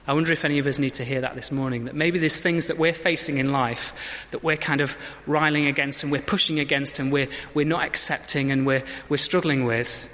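A man's voice: on the high side, fairly even intonation, a little fast, sharp tone, in a large hall. A man giving a conversational sermon in a church, reading scripture and asking the congregation questions. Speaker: preacher.

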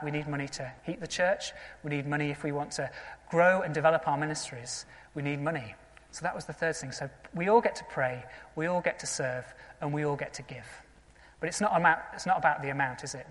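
Pastor delivering a sermon: earnest and conversational, mid-pitched, tosses rhetorical questions at the congregation, long church reverb. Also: a bit bright.

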